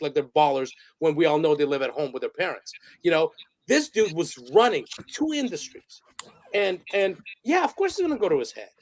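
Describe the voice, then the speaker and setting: An interview guest who works as a photographer and director tells loose, meandering stories in a fairly high voice. It's a casual storytelling chat in which he swears freely, restarts sentences and laughs as he goes.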